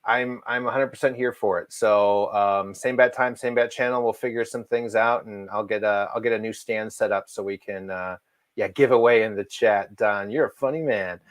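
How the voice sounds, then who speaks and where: A man's voice: fairly low pitch, fairly even intonation, normal speed, dry recording. Easygoing man in a dry close sound. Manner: easygoing, stumbling restarts, self-mocking. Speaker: co-host of a comic book livestream. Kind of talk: casual chat.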